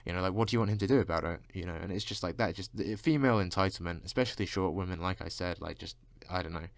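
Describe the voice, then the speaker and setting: A man's voice: deep voice, fast talker, gravelly, no room sound. A man vlogging a casual rant, constantly saying "like" and swearing freely. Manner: fills speech with "like", swears freely.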